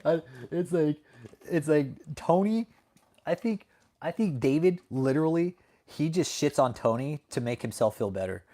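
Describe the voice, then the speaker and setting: A man's voice: a little high, expressive, moderate pace, warm tone. A man hosting a late-night livestream, ranting profanely and answering viewers in chat. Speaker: livestream host.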